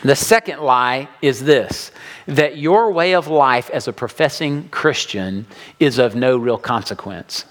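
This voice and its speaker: A man preaching a sermon to his congregation, animated and acting out the voices of people he quotes. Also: mid-range voice, unhurried. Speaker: pastor.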